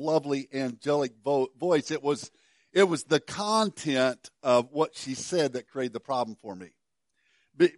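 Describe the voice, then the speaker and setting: A middle-aged pastor preaching a sermon, telling a story with many stammered restarts and dropping to soft, quiet passages. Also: male voice, a little high, dry recording, studio quality.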